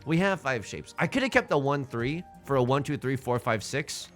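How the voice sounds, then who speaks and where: A young man giving casual, rambling commentary as he plays a tile game, excitable and self-deprecating, often repeating his words. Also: mid-range voice, moderate pace, soft background music. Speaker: let's play host.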